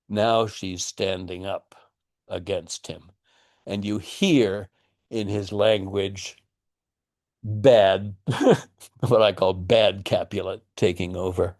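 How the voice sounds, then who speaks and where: In a low-ish, darkish voice with a steady tone, the acting teacher talks slowly and pauses often. He lectures on a play with readings, explaining with thoughtful wryness.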